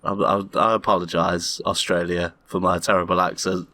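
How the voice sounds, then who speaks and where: Middle-aged podcast co-host; jokey, rambling, sweary; dry, close mic. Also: male voice, deep voice, little pitch movement, moderate pace, sharp tone, dry recording. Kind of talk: casual chat. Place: garage.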